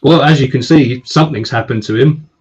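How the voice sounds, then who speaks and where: A man's voice: medium pitch, fairly quick, slightly rough. Chatty man hosting a live stream. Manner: chatty, reads out viewer names with shout-outs. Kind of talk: casual live stream chat. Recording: slightly dull stream audio.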